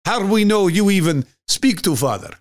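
A man's voice: high-pitched, expressive, moderate pace, pitched above the performer's own voice. A man doing skeptical foreign businessmen. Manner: skeptical, pressing. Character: suspicious foreign male businessmen.

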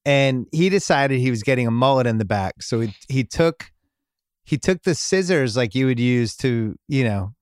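A man's voice: medium pitch, lively intonation, moderate pace, smooth, no room sound, studio quality. Man telling a rambling family story. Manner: rambling, laughing at his own story. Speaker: podcast host. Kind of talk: casual storytelling chat.

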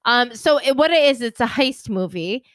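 Woman, casual co-host, blunt crude humor, lively swooping pitch, dry sound. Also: dry recording. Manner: excitable, quick to gush. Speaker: podcast co-host. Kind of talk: casual chat.

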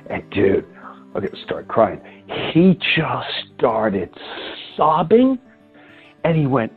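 A man hosting a podcast, telling an animated story full of quoted dialogue in an excited, breathless way. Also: mid-range voice, slow, slightly rough, faint music behind. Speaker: podcast host. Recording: tinny phone-line sound.

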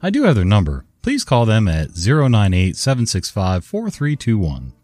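A man's voice: on the low side, huge pitch swings, normal speed, a little mellow, no room sound, soft background music. A man who works a help desk, telling stories casually with exasperated, sarcastic asides. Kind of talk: casual storytelling.

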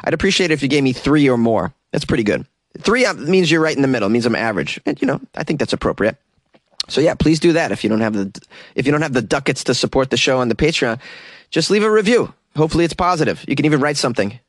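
A man's voice: medium pitch, animated, quick pace, no room sound, clean studio sound. A male podcast host talking casually to listeners in a chatty, self-deprecating way.

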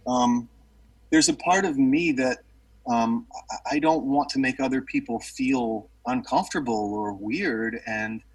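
Husky man telling a rambling story. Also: medium pitch, measured pace, distant mic, rough recording. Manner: rambling, many fillers and restarts. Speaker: guest musician telling a story. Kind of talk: casual storytelling.

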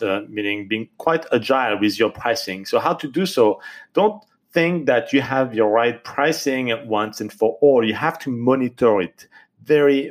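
A man with a French accent, a podcast host speaking in English, earnestly urging listeners and filling pauses with many ums and uhs. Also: medium pitch. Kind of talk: advice podcast talk.

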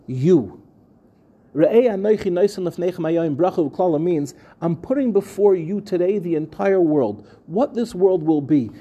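In front of a live audience, a bright-sounding rabbi delivers an energetic spoken Torah class; his male voice sits high with a breathy edge. The delivery is casual, with questions put to the room and recurring phrases.

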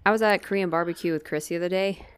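A woman's voice: on the low side, very fast, smooth, dry recording. A woman co-hosting a casual podcast, rambling, teasing and swearing. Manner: lively, profane, teasing, rambling. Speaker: podcast co-host.

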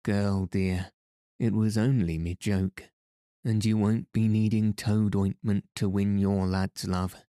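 A man's voice: lowish voice, flat delivery, takes it slowly, dark tone, no echo, studio quality. A man voicing a jovial, teasing old Irish peddler with a folksy brogue while reading a storybook aloud.

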